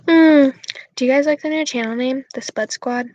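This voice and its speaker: A woman's voice: high voice, normal speed, darkish tone, no room sound, muffled recording. A young woman hosting her channel, chatting casually with viewers in a rambling, giggly way full of fillers.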